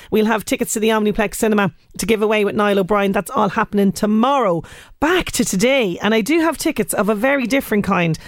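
A woman's voice: fairly high pitch, no room sound. A woman with an Irish accent presenting a radio show in casual chat, laughing often as she talks.

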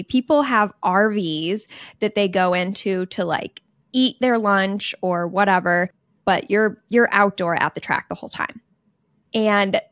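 A young woman co-hosting a podcast, telling a childhood story in an animated way and laughing often. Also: medium pitch, no echo, clean studio sound. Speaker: podcast co-host. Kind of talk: casual storytelling chat.

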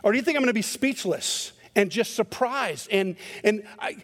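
A man's voice: sits high, animated, moderate pace, fairly bright tone. A middle-aged male pastor giving a conversational sermon, telling stories and acting out their voices with a self-deprecating manner. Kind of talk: sermon with storytelling. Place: church sanctuary. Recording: long hall reverb.

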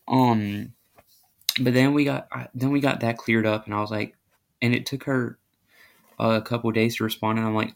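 Rambling man with a gravelly voice. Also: mid-range voice, steady tone, moderate pace, pauses often. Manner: rambling and self-deprecating, with many fillers and restarts. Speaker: podcast host. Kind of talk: casual storytelling monologue.

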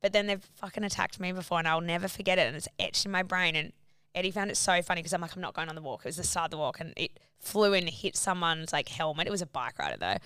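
A woman's voice: on the low side, quick pace, a bit bright, smooth, no room sound. A young woman, co-hosting a podcast and telling stories in a casual, chatty way full of fillers and swearing. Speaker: podcast co-host. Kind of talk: casual chat.

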